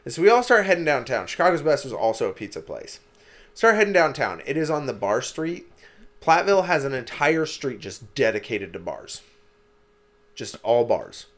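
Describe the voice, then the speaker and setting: Brief: young male podcast co-host, mid-pitched, loose rambling storyteller who swears freely. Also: sing-song, moderate pace, a bit bright. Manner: rambling storyteller, lots of "like" and cursing. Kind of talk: casual chat.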